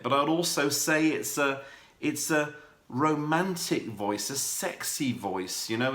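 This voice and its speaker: A man talking candidly to camera in a personal vlog, rambling warmly with fillers and restarts. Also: mid-range voice, echoey room. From United Kingdom. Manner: warm rambling talk with many fillers and restarts. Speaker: vlogger.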